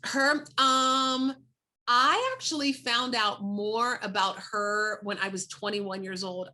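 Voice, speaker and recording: An American woman tells her personal story in conversation as an interview guest. Her voice is bright and clear, and her delivery is animated and heartfelt. She often breaks off and restarts her sentences as she goes. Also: mid-range voice. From United States.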